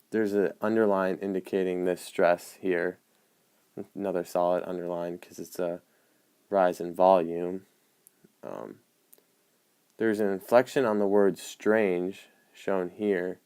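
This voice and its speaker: A man explaining the marks on an annotated play script, in a measured way with frequent hesitant ums. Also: low voice, gravelly, a little mellow, smooth. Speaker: student presenter.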